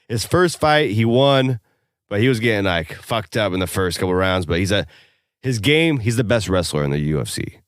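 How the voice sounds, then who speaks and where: A man's voice: fairly low pitch, lively intonation, normal speed, dry recording, studio quality. A man co-hosting a podcast, talking casually and profanely, rambling through a story with lots of fillers. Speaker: podcast co-host. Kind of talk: casual chat.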